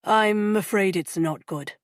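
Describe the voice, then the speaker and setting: A woman voicing a composed male bank manager who speaks calmly and matter-of-factly in an audiobook. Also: mid-range voice, measured pace, dry recording, studio quality, close to an everyday voice. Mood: curt. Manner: calm, clipped, matter-of-fact.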